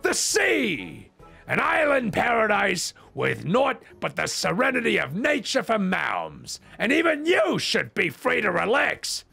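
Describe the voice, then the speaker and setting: A man voicing a small, cheerful female merchant in a squeaky falsetto, speaking in prim formal phrases that break into crude jokes, as a comedic game voice-over. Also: wildly swooping pitch, measured pace, gravelly, bright, forceful tone, husky, soft background music, exaggerated voice. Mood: chipper.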